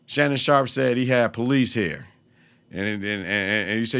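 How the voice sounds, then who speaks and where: A young adult man hosting his own podcast, talking in a loose, profane, animated way and breaking into laughter as he tells stories. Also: mid-range voice, a little fast, dry recording. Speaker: podcast host. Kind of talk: casual solo podcast rant.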